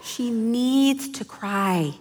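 A woman voicing a calm, reassuring older female mentor with a light Boston accent, speaking slowly and firmly. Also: fairly high pitch, big-room sound, exaggerated voice. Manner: slow, soothing, firm reassurance.

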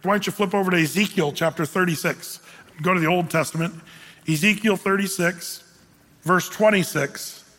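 A male pastor preaches in a bright, high voice, his words ringing out in a long hall echo. He teaches conversationally, reading scripture aloud and asking his congregation questions. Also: normal speed. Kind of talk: verse-by-verse Bible teaching sermon.

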